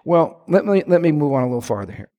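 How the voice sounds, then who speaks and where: A male pastor preaching a sermon, swinging between low, quiet asides and loud, shouted lines. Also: very animated, quick pace, big-room sound.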